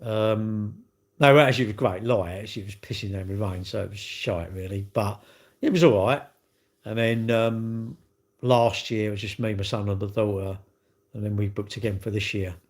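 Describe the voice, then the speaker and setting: Reading comments on his livestream, a middle-aged host chats with viewers in a casual, cheeky way, full of banter and swearing. His voice is lowish and his pace moderate.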